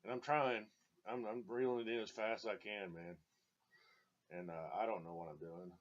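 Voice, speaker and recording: Low-pitched man, casual rambling storyteller, lo-fi. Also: steady tone, normal speed. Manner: rambling, many fillers, chuckles. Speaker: storyteller reminiscing.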